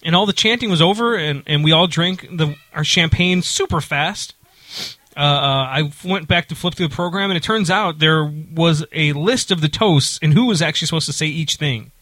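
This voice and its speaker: A man chats casually, spinning a long anecdote with frequent fillers and false starts. His voice is bright and a touch higher than most. The sound is dry and close. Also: moderate pace, no room sound. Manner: rambling, many fillers and restarts. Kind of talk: casual storytelling chat.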